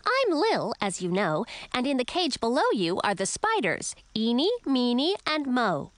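A woman doing a chatty bossy bat lady, way up high, voice leaps all over, dry close sound. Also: huge pitch swings, unhurried, dry recording. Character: bossy talkative female bat.

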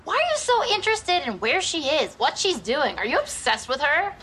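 An actress playing a sardonic young waitress in a sitcom, delivering deadpan, sarcastic put-downs. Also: female voice, high voice, moderate pace, heavily acted. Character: sardonic young female waitress and business partner. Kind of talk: sitcom acting.

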